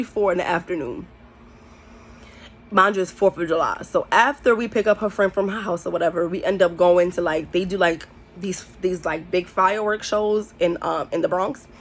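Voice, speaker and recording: A young woman telling a storytime vlog, animated and slangy, laughing often as she talks. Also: medium pitch, slight background noise. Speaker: vlogger.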